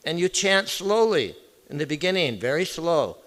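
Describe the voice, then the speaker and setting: A man's voice: a little high, sing-song, normal speed, a bit bright. A man giving an informal devotional talk in a temple hall, chatting with and questioning his listeners directly. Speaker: visiting temple speaker.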